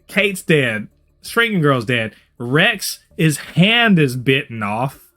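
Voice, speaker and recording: Animated, bright-voiced man. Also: fairly high pitch, slow, soft background music. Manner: animated, profane, lots of restarts. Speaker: podcast co-host. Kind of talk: casual review chat.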